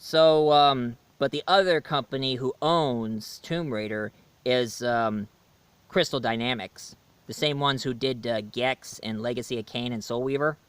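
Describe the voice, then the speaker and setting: A man's voice: mid-range voice, measured pace, smooth, no room sound. A man from the United States chatting in a rambling way through a casual video review, laughing at his own jokes.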